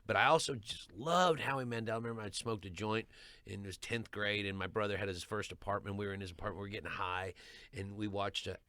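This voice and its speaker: Bright-voiced man telling lively stories. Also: lowish voice, fast talker, no echo. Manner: animated, repeats words as he restarts. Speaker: stand-up comedian guest. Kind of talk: storytelling chat.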